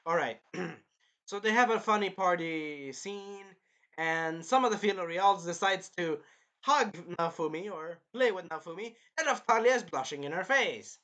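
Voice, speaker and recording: Lively bright-voiced man rambling an anime recap. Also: sits high, moderate pace. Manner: rambling, animated, jokey. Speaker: anime reviewer. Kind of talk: casual episode recap.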